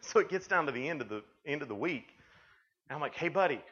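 A man's voice: a little high, expressive, fast, pushed and bright, breathy edge. A man speaking to a youth camp, telling stories in a rambling way with frequent restarts. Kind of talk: sermon. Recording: dull lo-fi recording.

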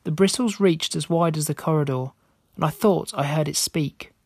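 A man reading a scripted spooky story aloud in a steady, measured way. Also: on the high side, no room sound, clean studio sound. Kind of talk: scripted narration.

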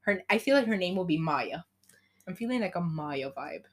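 A woman's voice: on the low side, expressive, normal speed. A young woman in casual chat, making up a story with a friend, playful and laughing often.

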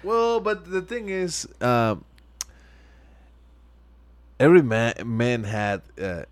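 A young man co-hosting a casual podcast, musing in a laid-back way with pauses and hesitations. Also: medium pitch, big pitch swings, clean tone, no echo. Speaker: podcast co-host. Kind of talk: casual chat.

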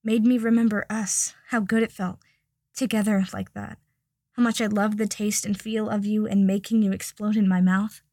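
A woman's voice: medium pitch, little pitch movement, normal speed, mellow, dry recording, clean studio sound, lightly acted. Woman reading as a blunt young wizard man. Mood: husky.

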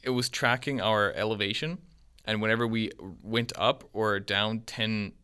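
A man's voice: fairly low pitch, a little slow, smooth. A man in his twenties telling a rambling travel story in casual podcast chat. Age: 20s. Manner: rambling, animated storyteller with quoted voices.

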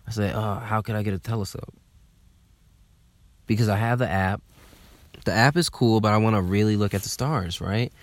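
A young man from telling a casual, animated story, swearing freely and using lots of fillers. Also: fairly low pitch, moderate pace, long pauses, no echo. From Atlanta, USA. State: slightly hungover.

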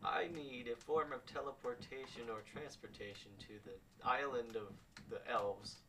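A man's voice: mid-range voice, fairly even intonation, moderate pace, crowd noise. A man playing a tabletop game, laid-back and giggly. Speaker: player. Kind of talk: casual tabletop play. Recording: roomy, distant home mic with faint noise.

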